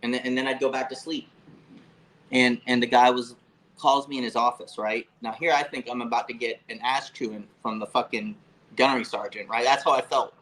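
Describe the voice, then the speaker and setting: A man in his fifties tells stories from his past as an interview guest. He swears freely and keeps things loose with plenty of fillers. His voice sits at a middle pitch, with a faint hiss of background noise. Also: brisk, low-quality recording. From Florida, USA. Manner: profane, animated anecdote-telling with frequent fillers. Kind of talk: casual storytelling.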